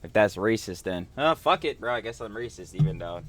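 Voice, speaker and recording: A man co-hosting a casual reaction show, talking in heavy slang with lots of swearing and animated emphasis. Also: fairly low pitch, fairly quick, faint music behind. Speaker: co-host.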